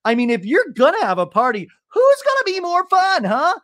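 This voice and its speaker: A man's voice: extremely high pitch, wildly swooping pitch, moderate pace, fairly bright tone, pitched above the performer's own voice, heavily acted. A man doing a mocking, sing-song impression of a bubbly adult woman in a comedy podcast recap. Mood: giddy. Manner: exaggerated, sing-song and teasing.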